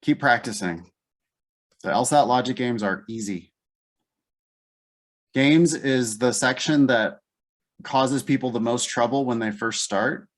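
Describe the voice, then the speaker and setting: A man's voice: mid-range voice, a little slow, long pauses. A man leading a live test-prep class, thinking aloud step by step in a casual way. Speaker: LSAT teacher.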